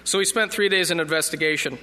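A man's voice: a little high, quick pace, pushed and bright. A man preaching a sermon in a conversational way, reading scripture aloud and joking when he trips over names. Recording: long reverb of a hall.

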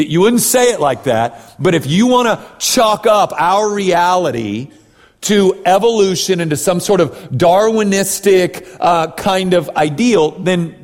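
A man with a fairly high voice gives a sermon in a church hall, and the long reverb of the room trails after his words. He preaches in a chatty way, checking in with the listeners and correcting himself as he goes. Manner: conversational preaching with frequent tag questions and restarts. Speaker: pastor.

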